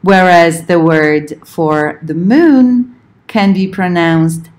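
A woman delivers a recorded linguistics lecture at an unhurried pace. Her voice sits fairly low, and she explains each point carefully. She slows down further whenever she spells out an example. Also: a little mellow.

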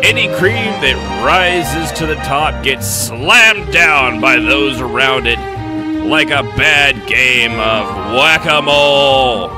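A man doing a brash parody ad pitchman. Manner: hard-selling, mock-salesman delivery. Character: brash male spokesman in a parody ad. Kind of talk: parody radio advert.

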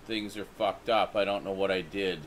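A man's voice: low-pitched, fairly even intonation, normal speed, slight background noise. A man co-hosting a casual online chat, talking through fixing his setup. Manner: fiddling with his setup, chatty. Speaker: podcast co-host.

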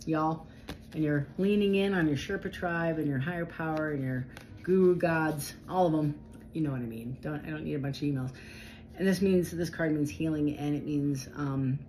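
A woman's voice: lowish voice, slight background noise, poor audio. Chatty woman reading tarot. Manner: animated, chatty, talks straight to viewers. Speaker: tarot reader.

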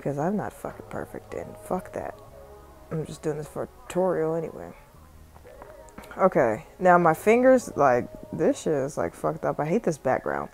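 A young Southern woman from South Carolina, a tutorial vlogger and music artist, narrates a phone screen-recording tutorial in a chatty, rambling, profane way. Her deep, creaky voice swings widely in pitch at a moderate pace, captured on a phone microphone.

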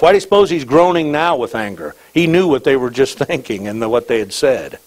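A man preaching a sermon in a husky, slightly rough voice. He reads scripture with slow, deliberate weight, then drops into wry, light asides, and his pitch sits in an ordinary middle register. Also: animated, darkish tone, poor audio. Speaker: pastor.

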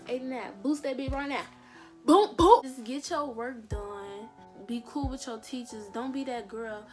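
A teenage girl giving school advice in a casual vlog, blunt and sassy, with slang, cursing and teasing pet names. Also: fairly high pitch. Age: teens. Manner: drawls teasing asides like "hun" and "babe".

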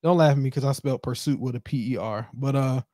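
A man hosting a podcast, ranting in casual chat, animated and heavy with profanity. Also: medium pitch, quick pace, dry recording, clean studio sound. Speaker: podcast host.

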